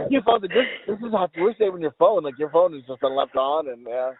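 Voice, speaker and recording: A man's voice: on the high side, slightly rough, dry recording. A man hosting a podcast in crude, casual chat, rambling, swearing and laughing a lot. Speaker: podcast host. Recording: dry, tinny phone-like sound.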